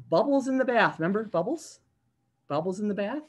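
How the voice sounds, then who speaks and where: A children's librarian reading a picture book aloud to young children over a video call, sing-song and animated, stopping to ask the kids questions. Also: female voice, medium pitch, normal speed.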